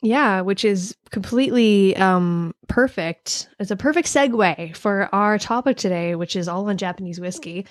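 A Canadian woman co-hosting a podcast, chatty and quick to laugh, often trailing off and restarting. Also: mid-range voice, no room sound, studio quality. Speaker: podcast co-host. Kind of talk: casual chat. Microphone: remote call microphone.

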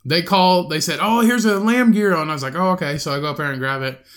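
A young man co-hosting a podcast, telling a profane, animated story in casual chat and acting out the quotes. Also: on the high side, quick pace. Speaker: podcast co-host.

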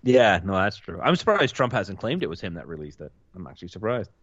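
Animated man laughing on a dull mic. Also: sits low, fast talker, dry recording. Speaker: podcast co-host. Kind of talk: casual chat.

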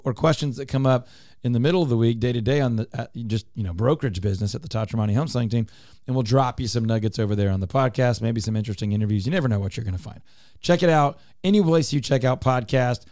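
A man's voice: mid-range voice, warm tone, dry recording, studio quality. A man hosting a talk radio show, explaining his points emphatically and repeating them for clarity. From Texas. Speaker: radio show host, real estate broker.

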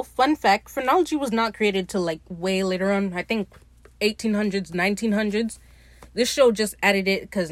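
A woman talks through a TV episode in a loose, chatty recap, swearing as she goes and slipping into brief quoted voices for the characters. Her voice sits at an ordinary middle pitch. The sound is dry and close, with no room echo. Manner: chatty, profane, acts out characters' lines in quick quotes. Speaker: podcast host.

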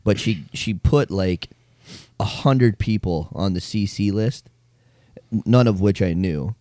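A man's voice: on the low side, a little slow, dark tone, no room sound, studio quality. A man co-hosting a casual podcast, chatting and telling stories with animation. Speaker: podcast co-host. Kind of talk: casual chat.

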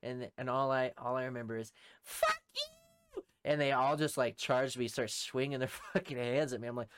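A man's voice: mid-range voice, steady tone, brisk, noisy background. A young man, a podcast co-host and former Army private, telling a story in a casual, profane, rambling way and laughing through it.

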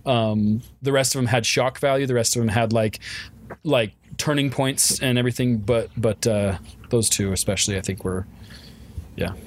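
A man's voice: mid-range voice, moderate pace, slight background noise. A man with a mid-range voice thinks aloud in a casual chat. He reasons out his points, often restarting his sentences and hesitating as he goes. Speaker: podcast co-host.

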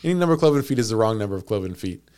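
A man hosting a comedy podcast, telling a story casually and in an animated way, with frequent laughs and jokey asides. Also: fairly low pitch, very fast, clean tone.

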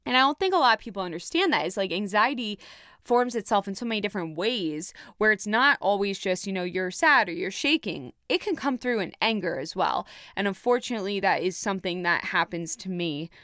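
A woman's voice: medium pitch, expressive, a little fast, sharp tone, no room sound, clean studio sound. A young woman hosting a podcast, telling a personal story in a frank, emotional way with casual swearing. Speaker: podcast host.

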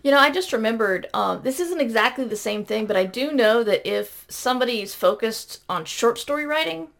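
A woman's voice: fairly high pitch, expressive, moderate pace, vocal fry, a bit bright. A woman with a Southern American accent, co-hosting a casual podcast and telling chatty stories, often correcting herself mid-sentence. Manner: chatty, self-correcting anecdotes. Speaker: podcast co-host. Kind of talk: casual chat.

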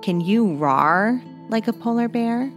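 A woman hosting a children's mindfulness story, gently guiding breathing and movement exercises. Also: a little high, animated, takes it slowly, soft background music. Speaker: host of children's mindfulness podcast.

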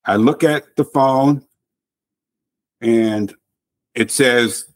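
A man's voice: medium pitch, drawn-out words. An earnest man in the middle of his speaking range tells a hard personal story as a podcast guest. His telling is emotional and heartfelt, and he doubles back on words to press them home.

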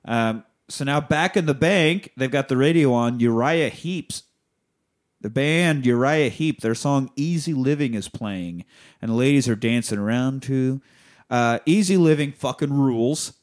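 A man with an ordinary mid-pitched voice talks through a movie plot in a casual, rambling way. He swears freely and circles back on himself as he tells the story. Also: measured pace. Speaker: podcast host.

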